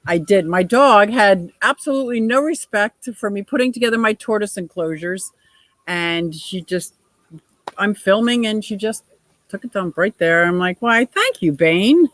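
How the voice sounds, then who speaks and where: A woman's voice: mid-range voice, normal speed, fairly bright tone, no echo, rough recording. A middle-aged woman hosting a casual livestream chat, reading out viewer comments and laughing often. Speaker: livestream host.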